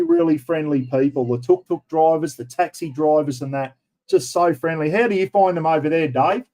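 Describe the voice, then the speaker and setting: A middle-aged Australian man hosting a casual livestream from his computer room. He rambles and calls everyone "mate". His voice sits a little high but has a dark, mellow tone. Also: rough recording. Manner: chatty, rambling, frequent "mate". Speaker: livestream host. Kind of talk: casual livestream chat reading viewer comments.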